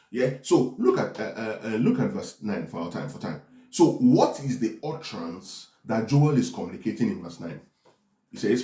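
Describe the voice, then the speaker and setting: A man preaches a teaching sermon in a mellow, warm voice. He is emphatic, repeats phrases for stress and keeps checking in with his listeners. His voice carries through an echoey room. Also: fairly low pitch.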